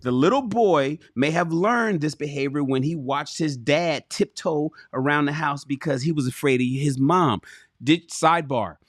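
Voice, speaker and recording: Speaking at a normal speed with a fairly high pitch, a man hosts a livestream and reads a relationship book aloud. The clean studio recording has no echo, and he breaks into blunt, cursing, emphatic remarks, animatedly addressing chat.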